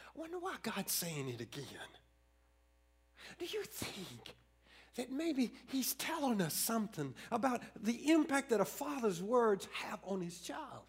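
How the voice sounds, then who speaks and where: A high-pitched middle-aged man delivers a sermon. He is earnest and stumbles through frequent restarts, slowing to stress key words, then hurrying through his stories. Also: big pitch swings, husky. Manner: earnest, with many restarts and shifts between slow emphasis and quick storytelling. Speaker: pastor.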